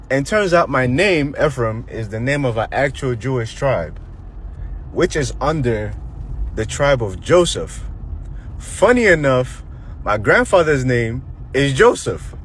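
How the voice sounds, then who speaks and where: Young man, from Nigeria, casual storytelling, animated, lively pitch, faint noise. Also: normal speed. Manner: animated, lively retelling with quoted reactions.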